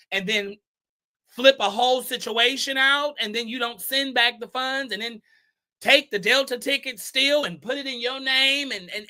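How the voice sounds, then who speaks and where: Sharp and pointed from beginning to end, a high-voiced, bright-sounding man hosts an easygoing gossip commentary. He reads posts out and responds with emphatic, sassy rhetorical questions.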